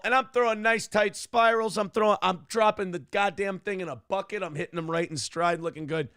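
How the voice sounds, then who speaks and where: A man in his thirties hosts a casual live morning show, swearing freely and breaking into laughter as he spins his stories. His voice sits a bit high and leaps around with lively swings in pitch. The sound is dry and close, with no room around it. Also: no echo. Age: 30s. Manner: animated storyteller, laughs often, swears casually. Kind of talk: casual live-stream chat.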